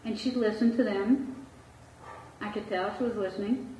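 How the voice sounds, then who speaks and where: A woman's voice: mid-range voice, moderate pace, warm tone, a little hiss or hum. A woman therapist speaking candidly to an audience about her own life. She talks openly and laughs often. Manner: frank, laughs often, acts out quoted voices. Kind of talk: candid personal talk to an audience. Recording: echoey room, far from the mic, dull and lo-fi.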